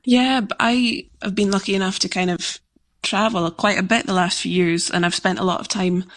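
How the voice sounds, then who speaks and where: A woman folk singer as a radio guest, talking about her travels and a song in a relaxed, explanatory way. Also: mid-range voice, normal speed. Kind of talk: radio interview.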